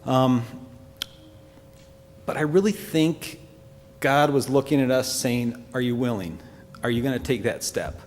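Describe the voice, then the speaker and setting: Earnest man in a reverberant church hall. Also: mid-range voice. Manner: earnest, heartfelt, halting. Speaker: church member giving a testimony. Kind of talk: personal testimony to a congregation.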